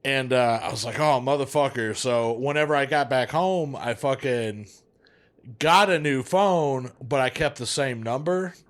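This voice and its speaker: A man with an average male pitch co-hosting a casual podcast. He tells a long story in a loose, rambling way, swearing heavily as he goes. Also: unhurried, a bit bright. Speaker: podcast co-host. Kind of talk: casual chat.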